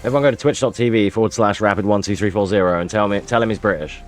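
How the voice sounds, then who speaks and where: A man's voice: on the low side, very fast. A man streaming live gameplay, joking with his chat and explaining his moves as he plays.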